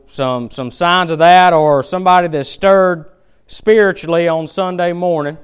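Animated, clear-voiced male preacher. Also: a little high. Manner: folksy, animated storytelling, emphatic. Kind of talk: sermon.

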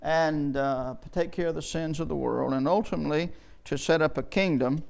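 A man with a high-pitched voice preaches a sermon in a plain, folksy manner. He often stumbles and repeats words, then slows down deliberately when he reads scripture aloud. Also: gravelly, a little mellow.

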